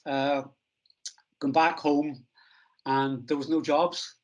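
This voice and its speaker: Middle-aged man from Northern Ireland, relaxed anecdotal interview, self-deprecating, slightly dull lo-fi sound. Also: a little high, slow. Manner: anecdotal, self-deprecating, acts out quoted dialogue. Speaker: strength and conditioning coach, interview guest.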